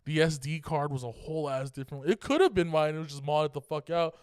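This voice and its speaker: A young man from California co-hosts a podcast and tells a long story in a loose, rambling way with lots of swearing. His voice is smooth and clear and sits a little high. The close mic makes it sound dry, with no room echo. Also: fast talker. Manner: profane, rambling, laughing as he talks. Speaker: podcast co-host. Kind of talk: casual storytelling chat.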